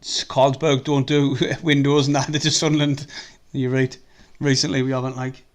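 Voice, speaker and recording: A man's voice: mid-range voice, little pitch movement, normal speed. Chatty North East English man streaming. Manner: rambling, chatty, swears freely. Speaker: football fan live-streamer. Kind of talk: casual live-stream chat.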